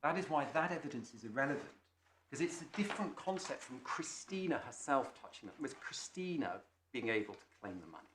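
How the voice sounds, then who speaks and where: A man addresses the bench with measured, formal arguments at an ordinary pitch, pausing and restarting now and then. His voice rings through a roomy courtroom, with faint noise behind it. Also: big pitch swings. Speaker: barrister. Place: large echoey courtroom.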